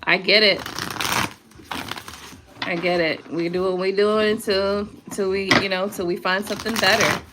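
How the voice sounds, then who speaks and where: A woman's voice: medium pitch, level tone, normal speed, pauses often, very noisy. A young woman giving a casual live tarot reading, chatty and prone to laughing and swearing, with features. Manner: chatty, laughs often, swears, reads viewer comments aloud. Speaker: tarot reader.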